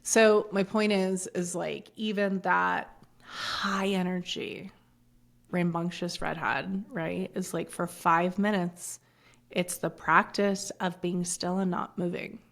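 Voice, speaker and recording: A woman in her forties with a low, gravelly voice, talking in a loose, unfiltered way. She curses offhandedly and drifts into side stories as she chats on a podcast. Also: fairly even intonation, takes it slowly, a bit bright. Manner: blunt, swears freely, rambling asides. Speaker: podcast guest. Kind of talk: casual chat.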